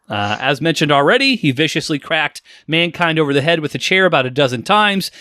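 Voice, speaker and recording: Podcast host, forties, man, teasing and jokey, bright and a touch high. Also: dry recording, studio quality. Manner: playful, teasing, jokey asides. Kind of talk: casual podcast chat. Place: home studio in the high desert.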